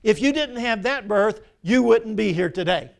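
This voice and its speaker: Older guy preaching a sermon, high voice, keeps asking the church "what?". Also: animated, moderate pace, creaky. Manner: preaching with call-and-response questions to the congregation. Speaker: pastor. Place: church sanctuary.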